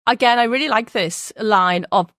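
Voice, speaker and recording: A woman from Merseyside with a softened Liverpool accent, talking as an interview guest in a lively way, often restarting her sentences. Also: fairly high pitch, dry recording, studio quality. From Merseyside, England. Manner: animated, quick, with frequent restarts and laughs. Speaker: guest, biographer. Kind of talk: casual interview talk.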